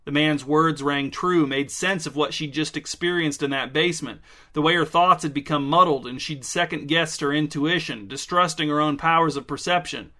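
A man narrating a story in a dry, deadpan way. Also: on the high side, normal speed.

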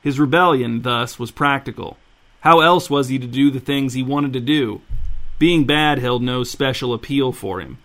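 A man narrating a novel in an even, dry storytelling manner. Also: mid-range voice, normal speed. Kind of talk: audiobook narration.

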